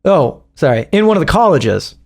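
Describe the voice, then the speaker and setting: A man's voice: on the high side, sing-song, moderate pace, gravelly, a little mellow. A man giving casual reaction commentary as a streamer, profane and mocking, laughing often.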